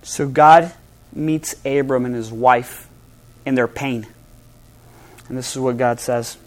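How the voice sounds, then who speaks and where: A man's voice: medium pitch, steady tone, slow pace. Dynamic male pastor preaching. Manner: dynamic, swings between loud emphasis and hushed softness. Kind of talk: sermon. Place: church hall before a congregation.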